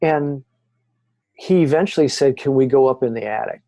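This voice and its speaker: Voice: medium pitch, moderate pace, no echo, lo-fi sound. A guest on an interview show telling first-hand haunting stories, acting out the voices of the people and the recordings. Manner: animated, acts out quoted voices, frequent restarts. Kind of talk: conversational storytelling interview.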